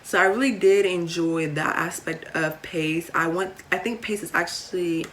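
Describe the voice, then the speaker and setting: Chatty teen girl, lowish voice. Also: moderate pace, fairly bright tone, a little hiss or hum. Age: late teens. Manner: chatty, many fillers, playful asides. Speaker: vlogger. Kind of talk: casual chat to camera.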